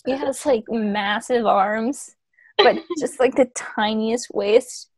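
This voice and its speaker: A woman's voice: a little high, slightly rough, no room sound. Sarcastic woman joking on a dry call. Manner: quick sarcastic quips. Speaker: co-host of a book roast. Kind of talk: joking casual chat over video call. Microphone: video call.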